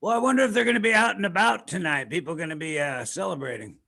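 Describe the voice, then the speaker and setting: A man's voice: high-pitched, fast, creaky, pushed and bright. A man chatting casually, giving brief and easygoing replies. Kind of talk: casual chat.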